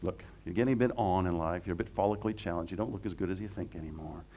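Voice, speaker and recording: A man's voice: low voice, very fast, dark tone, pitched below the performer's own voice, close to an everyday voice. A man voicing his stern inner brain voice. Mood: scolding. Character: his own frontal lobe, a stern male inner voice.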